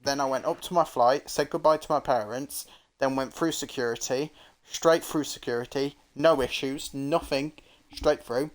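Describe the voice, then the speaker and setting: A man's voice: mid-range voice, moderate pace. Man from England, casual chat, plain step-by-step telling, mid voice.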